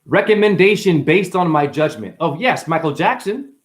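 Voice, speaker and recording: Livestream host, man, high voice with big swings; impassioned, defensive, then conciliatory. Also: expressive, moderate pace. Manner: passionate, defensive, swinging between agitated and conciliatory. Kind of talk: heated livestream chat reading comments.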